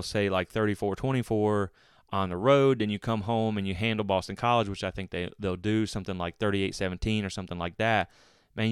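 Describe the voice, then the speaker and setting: A man's voice: on the low side, smooth, no echo, clean studio sound. A man hosting a solo sports podcast, talking casually in a rambling way with frequent restarts. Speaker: podcast host.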